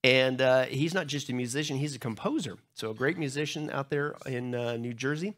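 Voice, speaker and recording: A man's voice: medium pitch, a little fast, fairly bright tone. A man, a pastor, giving church announcements in a loose, joking, chatty way with many fillers. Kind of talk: church announcements before a sermon. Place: church sanctuary.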